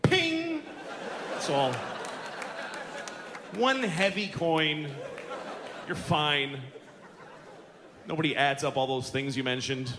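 A man in his forties doing a stand-up comedy routine, ranting with profanity and slipping into quick character voices. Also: on the high side, background noise. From United States. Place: large theater on stage. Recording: live theater with hall reverb and crowd laughter.

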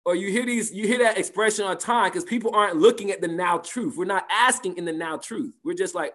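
A man's voice: high voice, quick pace, few pauses, a bit bright. A man teaching a spiritual class and answering participants' questions, talking conversationally, repeating phrases and asking "right?".

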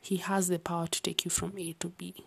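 A young woman with an accent, rambling about her life late at night in a soft, often half-whispered voice with sighs and restarts. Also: on the low side, flat delivery, quick pace, vocal fry. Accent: unnamed non-native-sounding accent. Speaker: vlogger.

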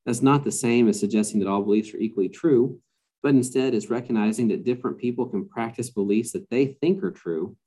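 A man's voice: medium pitch, fairly quick, dark tone. A man talking as a podcast guest in a casual conversation, hesitant and full of fillers and restarts.

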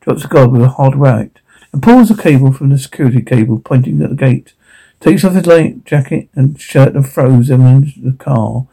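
A man's voice: medium pitch, expressive, normal speed, creaky, mellow, slightly rough, low-quality recording. A man narrating a TV episode scene by scene in a loose, stumbling way, with many restarts. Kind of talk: casual retelling of a TV episode.

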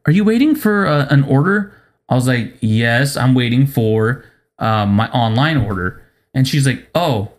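A young man co-hosting a casual chat, ranting in a profane, exasperated way and acting out the other people in his story. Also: medium pitch. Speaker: podcast co-host.

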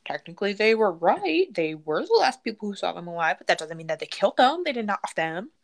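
A woman with a mid-range, creaky voice talks quickly and very animatedly as she co-hosts a casual true-crime podcast. She tells a creepy true story full of laughter, jokes, and swearing.

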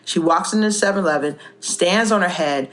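A woman co-hosting a faith podcast, telling stories in a lively way and acting out the people in them. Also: on the low side, fairly quick. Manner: animated storyteller, acts out quoted voices. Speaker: co-host. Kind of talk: faith podcast chat and storytelling.

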